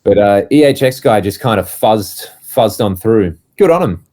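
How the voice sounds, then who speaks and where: Deep-voiced man, lively storyteller. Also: normal speed. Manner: animated storyteller, acts out quoted voices. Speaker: podcast co-host, touring musician. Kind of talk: casual chat.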